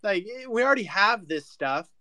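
A man's voice: high voice, expressive, moderate pace, bright, forceful tone, no room sound. Brash, emphatic man ranting. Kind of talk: casual chat.

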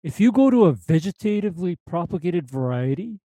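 A man with a fairly high, mellow voice explains things in an opinionated, easygoing way. The sound is dry and close. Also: big pitch swings, brisk, dry recording. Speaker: turf expert co-host. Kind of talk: casual chat.

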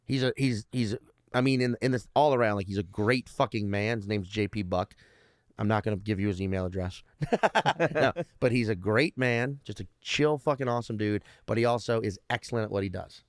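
A man's voice: fairly low pitch, a little fast, dry recording, clean studio sound. A man in his thirties, a stand-up comedian, telling stories in casual talk with lots of swearing and restarts. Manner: profane, rambling, restarts often. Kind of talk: casual podcast storytelling.

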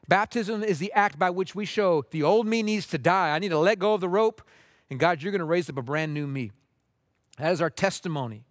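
A man preaching a sermon as pastor, impassioned and earnest, moving between urgent pleading and hushed intimacy. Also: high-pitched, fairly quick, no room sound, studio quality.

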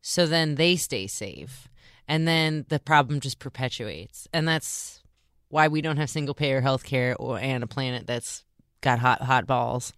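Cohost cracking jokes, smooth clear voice, no room echo. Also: mid-range voice, a bit bright, studio quality. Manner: joking, quick asides. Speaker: podcast co-host. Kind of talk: casual podcast chat.

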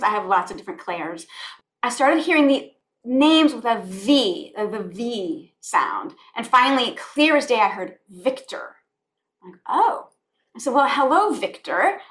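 A woman with a fairly high voice, talking earnestly and from the heart. She often circles back and repeats her phrases as she chats on a podcast. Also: fairly bright tone. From United States. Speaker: guest, spiritual life coach. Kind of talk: conversational podcast interview.

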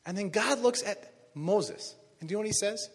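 A man preaching a sermon, animated, acting out voices of biblical figures. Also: sits high, moderate pace, slightly rough, long reverb tail. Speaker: pastor.

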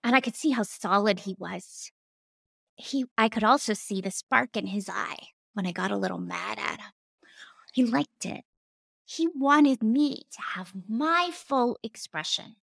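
A woman's voice: on the high side, animated, a little slow, vocal fry, a bit bright, no echo. A woman coach and former therapist giving a casual teaching talk, earnest, with emphatic repetitions and casual slang.

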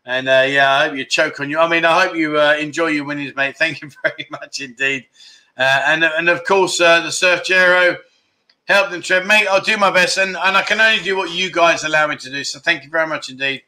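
A man's voice: fairly high pitch, fairly even intonation, brisk, bright, forceful tone. A man hosting a casual livestream, chatty and grateful, with many restarts as he thanks viewers. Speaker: livestream host. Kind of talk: casual chat reading out viewer donations. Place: Pattaya, Thailand.

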